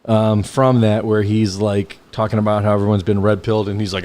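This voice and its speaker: A man's voice: fairly low pitch, normal speed, few pauses, a little hiss or hum. Man, podcast host, rambling, hesitant, casual chat.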